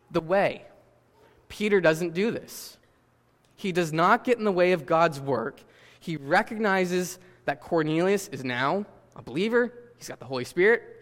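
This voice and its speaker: High-voiced man preaching in a hall. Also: a bit bright. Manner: conversational preaching with casual fillers and rhetorical questions. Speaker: pastor. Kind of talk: sermon.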